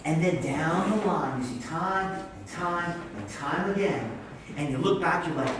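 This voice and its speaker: A man in his forties preaching a sermon, animated and acting out quoted voices as he goes. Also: fairly high pitch, normal speed, noisy background. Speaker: pastor. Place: church sanctuary. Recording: echoey church hall mic from a distance.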